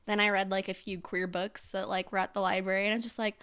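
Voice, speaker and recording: A woman in her twenties, a podcast guest, telling a personal story in a chatty way with lots of fillers and animated quotes of herself. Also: mid-range voice, moderate pace, smooth. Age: 20s. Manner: chatty, filler-heavy, animated self-quoting. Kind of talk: casual storytelling chat.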